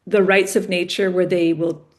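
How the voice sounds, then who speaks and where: A woman's voice: fairly low pitch, normal speed. A woman, a podcast guest, telling stories in casual conversation and acting out the dialogue. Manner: animated, acts out dialogue in stories. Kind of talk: conversational storytelling.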